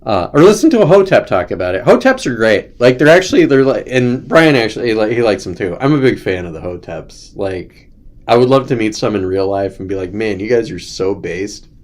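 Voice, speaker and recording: A man's voice: fairly low pitch, very animated, a little fast, darkish tone. A young man hosting a casual livestream, rambling through commentary with sarcasm and mocking put-on voices. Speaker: host.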